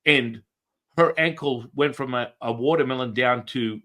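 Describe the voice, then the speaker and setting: Animated man telling a story. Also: mid-range voice, normal speed. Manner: animated, swears, repeats words and restarts often. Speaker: podcast guest. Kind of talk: casual conversational storytelling.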